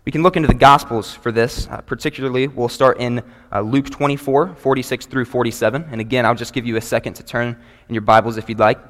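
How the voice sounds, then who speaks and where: A man preaches earnestly to his congregation, pausing to read scripture aloud in a steady, measured way. His voice sits in a middle register. It rings out with the long reverb of a large church hall. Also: mid-range voice. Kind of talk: sermon. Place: church sanctuary before a congregation.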